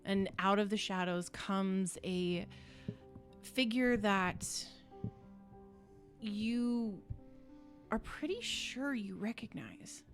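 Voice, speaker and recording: A woman's voice: medium pitch, very slow, long pauses, faint music behind. A woman narrating a tabletop game as game master, describing scenes with frequent fillers.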